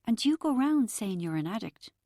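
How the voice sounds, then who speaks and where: A woman's voice: on the high side, big pitch swings, a little fast, warm tone, dry recording, studio quality, voice pushed up. A woman reading an audiobook who voices an anxious, tearful young woman who speaks awkwardly and hesitantly. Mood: curious, teasing. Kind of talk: audiobook character voice.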